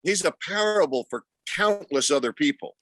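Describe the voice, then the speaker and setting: A man's voice: fairly high pitch, lively intonation, moderate pace, fairly bright tone. A man as a podcast guest in casual chat, making wry, quippy remarks.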